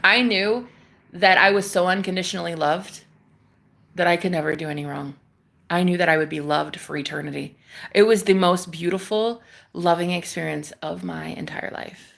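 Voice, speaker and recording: Gravelly-voiced woman telling an emotional story. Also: lowish voice, steady tone, normal speed, a bit bright. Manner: emotional, intense retelling with frequent restarts and swearing. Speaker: vlogger. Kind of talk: personal spiritual story told to camera.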